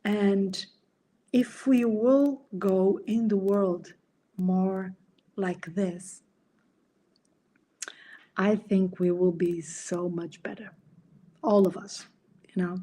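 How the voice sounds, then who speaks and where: A woman's voice: mid-range voice, warm tone. A middle-aged woman coach and podcast host, explaining ideas in an earnest, casual way and sometimes acting out quoted dialogue.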